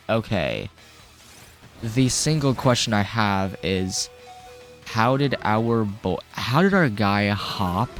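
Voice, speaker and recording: A man giving casual, rambling commentary while he plays through a game. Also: fairly low pitch. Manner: rambling, chatty, self-correcting. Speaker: game walkthrough host.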